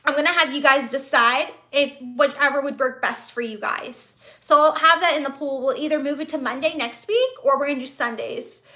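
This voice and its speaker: Bright-voiced chatty woman streaming live. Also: sits high, brisk, few pauses. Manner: chatty, rambling, reads viewer comments aloud. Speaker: streamer hosting a live discussion. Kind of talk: casual live-stream chat. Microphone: phone on a tripod.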